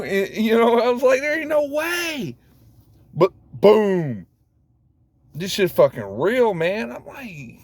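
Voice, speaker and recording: A man in a rambling, profane casual rant to camera, full of fillers and sudden high exclamations. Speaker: vlogger.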